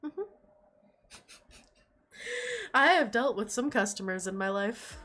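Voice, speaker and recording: Young woman streamer, bright voice, chatty, says like a lot, home mic. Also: mid-range voice, animated, takes it slowly. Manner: chatty storyteller, laughs a lot, fills with "like". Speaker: streamer host. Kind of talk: casual chat.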